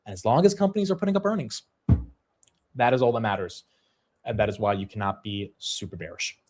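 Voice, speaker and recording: A man hosting a livestream, giving casual, energetic market commentary with many fillers. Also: on the low side, brisk. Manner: conversational, energetic, fillers like "you know". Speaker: stock market show host.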